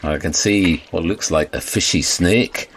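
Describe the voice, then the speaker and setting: A man's voice: low voice, unhurried, a bit bright, a little hiss or hum. A man playing a polite, bemused radio reporter in a comedy audio sketch. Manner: polite, bemused, stiffly formal.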